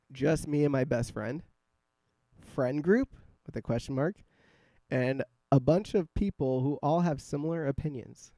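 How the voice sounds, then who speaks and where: A man's voice: mid-range voice, mellow, dry recording. A man hosting a podcast in casual chat, joking and swearing easily as he reads out quiz questions. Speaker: podcast host. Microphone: scarf-wrapped microphone.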